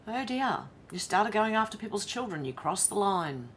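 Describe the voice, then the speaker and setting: A mid-range, slightly bright voice comes from an Australian woman livestreaming at home, with a little hiss or hum in the audio. As she reads the news aloud, she responds with exasperated disbelief and laughs.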